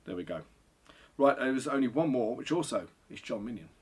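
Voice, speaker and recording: Husky, rambling man. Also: medium pitch, lively intonation, fairly quick. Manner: rambling, sweary and self-deprecating. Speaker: photographer and vlogger. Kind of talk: casual Q&A vlog.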